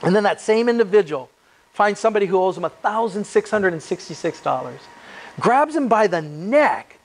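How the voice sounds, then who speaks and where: A pastor with a slightly raised pitch preaches in a church. He moves between reading scripture and relaxed, joking asides. He keeps asking his listeners rhetorical questions. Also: moderate pace. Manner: reads scripture then adds casual, joking asides. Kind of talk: expository sermon.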